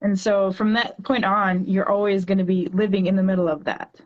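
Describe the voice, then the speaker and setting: A woman's voice: medium pitch, flat delivery, lo-fi sound. Earnest woman reading her own poetry. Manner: earnest, reads poetry slowly and deliberately. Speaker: podcast guest, poet. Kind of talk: conversational talk and reading her own poems aloud.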